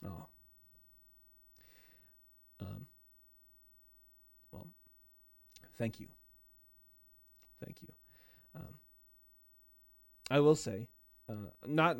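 A man's voice: mid-range voice, animated, vocal fry, dry recording. Hesitant, sincere man on a podcast. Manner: hesitant, halting, many pauses and fillers; sincere and heartfelt. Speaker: streamer and podcast host. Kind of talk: casual reflective podcast talk.

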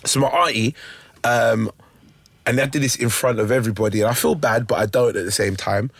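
A young man, a comedian guest on a podcast, telling animated stories and laughing often. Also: mid-range voice, a little fast, gravelly, dry recording. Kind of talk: casual podcast chat.

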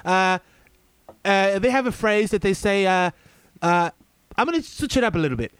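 High-pitched guy bantering on a podcast, goofy and slangy, dry mic. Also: animated, a bit bright, smooth, dry recording. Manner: playful, slangy, quick to agree and laugh. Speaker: podcast co-host. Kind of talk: casual comedic chat.

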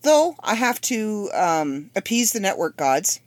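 A woman's voice: medium pitch, big pitch swings, measured pace, dry recording. A woman in her fifties hosting a solo podcast, chatty and rambling with wry asides. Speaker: podcast host. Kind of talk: casual solo podcast monologue.

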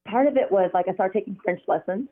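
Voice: medium pitch, fast. An interview guest telling their story in casual, loose speech full of "like" and "you know". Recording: tinny phone-line audio.

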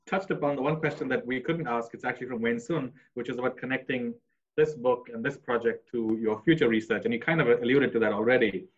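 A man's voice: medium pitch, fast talker. A man moderating a talk, thanking the guest and repeating words as he goes. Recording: dull lo-fi sound.

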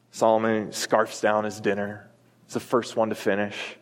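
With a lowish voice and a completely flat delivery at a moderate pace, a man in his thirties from the US preaches as a pastor. Earnest and emphatic, he tells a family story to make his point, with the long reverb of a church sanctuary around him.

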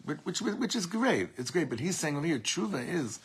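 A man's voice: a little high, big pitch swings, brisk, husky. A man teaching a Torah class to a room of students, talking it through with many restarts and quoting Hebrew texts. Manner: warm, searching delivery with many restarts and Hebrew quotes.

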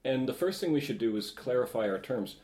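A man co-hosting a podcast, explaining ideas and defining terms in a relaxed, lecture-like way. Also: medium pitch, brisk. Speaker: podcast co-host. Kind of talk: casual discussion. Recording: roomy echo.

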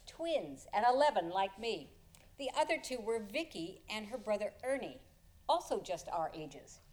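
A woman telling a personal story before an audience, expressive and often chuckling as she tells it. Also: mid-range voice, moderate pace.

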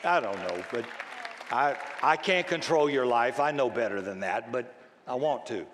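A man's voice: medium pitch, expressive, normal speed, a bit bright, a faint crowd, slight background noise. An older man and grandfather preaching a conversational, self-deprecating sermon who acts out the voices in his stories. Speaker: pastor. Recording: long hall reverb.

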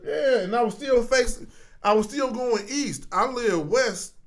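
A man's voice: very high voice, unhurried. A man in casual conversation, telling a drunk-driving story and asking blunt questions with plenty of swearing. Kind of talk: casual chat.

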